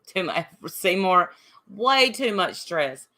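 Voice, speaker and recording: A woman's voice: medium pitch, sing-song, slow, sharp tone. Combative woman livestreamer. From Appalachia. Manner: combative, reading and answering chat comments. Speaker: livestream host. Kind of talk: casual livestream chat.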